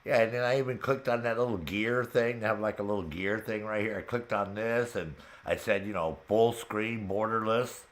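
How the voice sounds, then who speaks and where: This gaming channel host has a lowish voice and fairly even intonation, speaking at a moderate pace with hardly any pauses. Chatting casually while he plays, he retells his own frustration with plenty of profanity and often breaks into laughter.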